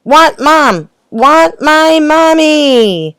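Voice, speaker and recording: Storybook toddler elephant, screaming and demanding, played by a woman, very high voice. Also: animated, drawn-out words, a bit bright, no echo, clean studio sound, heavily acted. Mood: wailing.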